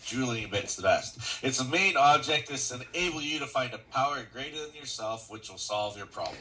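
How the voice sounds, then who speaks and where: A man in a recovery workshop reading passages aloud at a steady pace. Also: mid-range voice, brisk, low-quality recording. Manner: reads text aloud steadily.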